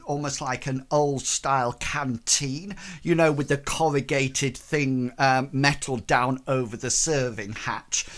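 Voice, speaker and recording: A man narrating a tabletop game as game master, in a halting, hesitant way with many pauses and restarts. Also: medium pitch, fairly bright tone.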